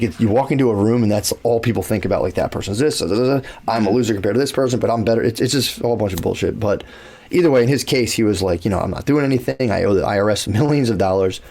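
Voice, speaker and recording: A man with a lowish, slightly mellow voice talks fast as he co-hosts a podcast. He tells stories in a rambling, casual way, swearing a lot and leaning on filler words.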